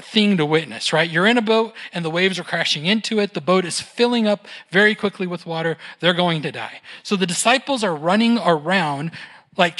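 A preacher giving a sermon in a conversational way, often checking in with a quick "right?" and adding gentle humorous asides. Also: medium pitch. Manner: conversational, keeps asking "right?".

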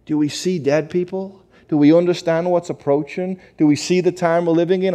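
A man's voice: a little high, dark tone. A middle-aged male pastor preaching a sermon, asking the congregation rhetorical questions with emphasis.

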